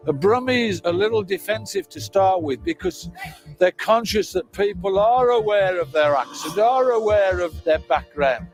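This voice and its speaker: High-voiced man, plain interview talk. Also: expressive, moderate pace, faint music behind. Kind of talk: casual interview.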